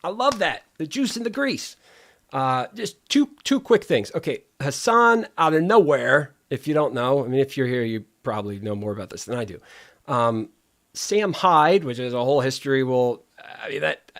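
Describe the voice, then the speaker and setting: Streamer host, male, gravelly and lively pitch, rambling with playful wordplay. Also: moderate pace. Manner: rambling, wordplay-loving, self-interrupting. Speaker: live streamer. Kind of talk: casual stream commentary.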